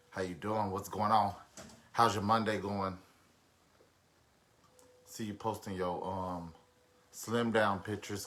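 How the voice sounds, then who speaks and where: Male live-stream host, bright forceful tone, casual chatty delivery with viewer shout-outs. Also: lowish voice, slight background noise. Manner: chatty, greets viewers by name, many fillers.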